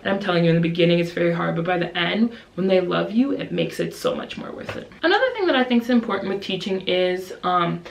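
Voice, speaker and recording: A woman in her twenties, an English teacher vlogging casually to camera, who keeps slipping into high, lively voices to act out her students and herself. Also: fast, creaky, few pauses, slight background noise. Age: 20s. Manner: animated, acts out kids and teachers in high voices. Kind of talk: casual vlog talk to camera. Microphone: camera's built-in mic. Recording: roomy echo.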